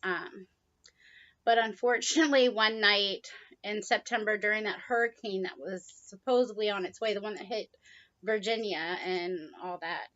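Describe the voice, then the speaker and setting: Woman vlogger, middle-aged, casual storytelling with fillers, slightly dull home-video audio. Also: moderate pace. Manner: chatty, with frequent "um"s and soft laughs; high baby-talk voice when coaxing the bird. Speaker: vlogger, pet bird owner.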